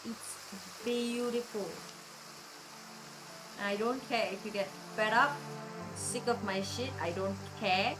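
A woman commentating her video game play, chatty and excitable, talking to the characters and swearing casually. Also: a little high, slow, long pauses. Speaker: gamer playing a video game. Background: soft game music.

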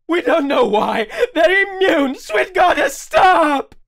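A man's voice: extremely high pitch, very animated, slow pace, vocal fry, a bit bright, pitched above the performer's own voice, full character voice. A man voicing a terrified captured male unicorn prisoner, screaming and sobbing as he begs under torture. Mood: screaming terror.

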